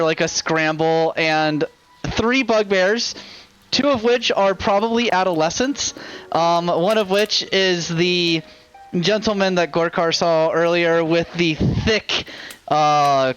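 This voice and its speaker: A man's voice: fairly high pitch, steady tone, slow, fairly bright tone, clear, resonant tone, lo-fi sound. A man narrating a tabletop game as game master, loose and full of fillers.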